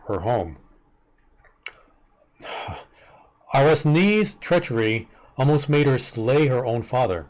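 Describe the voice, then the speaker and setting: A man's voice: medium pitch, darkish tone. A man on a live stream reading a fantasy wiki entry aloud, tripping over the names and muttering exasperated asides.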